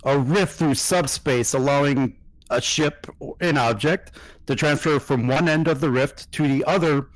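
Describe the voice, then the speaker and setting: A man's voice: a little high, measured pace, dry recording, natural voice, rough recording. A man voicing a curious, boastful male alien wanderer who shows off his advanced technology over a voice call. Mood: proud. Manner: showy, pleased with his own technology.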